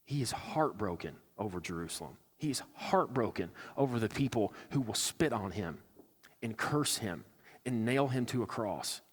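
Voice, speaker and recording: A male pastor preaching a sermon, earnest and conversational, slipping into acted-out asides. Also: medium pitch. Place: church sanctuary. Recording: church hall with long reverb.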